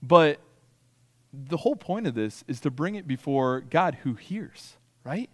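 A man preaching a sermon, animated, acting out quoted complaints and asking the congregation "right?" as he goes. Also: fairly high pitch, a little slow, long reverb tail. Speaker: pastor.

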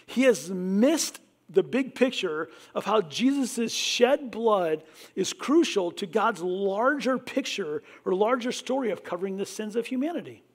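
A middle-aged man with a notably high-pitched voice delivers a sermon. He preaches with emphatic swells, then falls to a hushed tone. He keeps calling his listeners back with a repeated "listen.". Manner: repeats "listen" to address the congregation. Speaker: pastor.

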